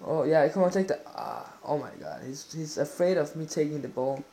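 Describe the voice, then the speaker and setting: A man giving live commentary while playing a football video game, exclaiming and swearing excitedly at the action. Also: fairly high pitch, moderate pace, a little hiss or hum.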